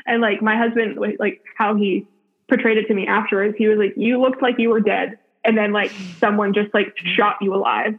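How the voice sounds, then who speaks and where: A woman's voice: medium pitch, fairly even intonation, a little fast, slightly rough. Chatty woman on a tinny line. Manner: chatty, full of "like" fillers, often laughing. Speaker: podcast guest. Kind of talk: casual personal storytelling.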